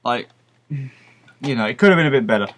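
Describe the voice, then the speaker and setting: Male game reviewer, mid-pitched, unscripted and rambling, profane, lots of restarts, laughs easily. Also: lively intonation, moderate pace, noisy background. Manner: enthusiastic, laughs often.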